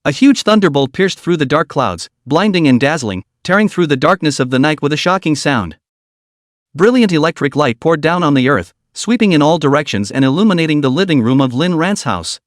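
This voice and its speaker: A man reading a story recap as scripted narration, in a steady, even reading pace. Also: fairly high pitch, fairly quick, no room sound, studio quality.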